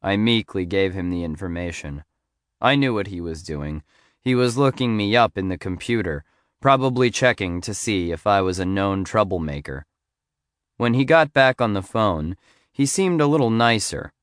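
A man reads a first-person memoir aloud in a measured, storytelling manner. His voice is low and smooth and resonant, recorded close on a dry studio mic. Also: lively intonation, no echo. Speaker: audiobook narrator.

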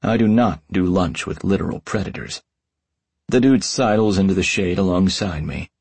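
A man's voice: deep voice, moderate pace, a little mellow, breathy edge, dry recording. A man reading an audiobook in the first person as a tomcat detective, with a wry, hardboiled delivery. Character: wisecracking tomcat detective narrating. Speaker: audiobook narrator.

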